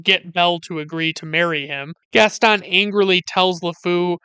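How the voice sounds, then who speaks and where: A man's voice: high voice, fairly even intonation, normal speed, pushed and bright, clean tone, no echo. A man narrating a casual movie review in a chatty, wry way, wandering off on side tangents as he retells the plot. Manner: chatty, wry and sarcastic, with digressions and many "like" fillers. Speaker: film reviewer.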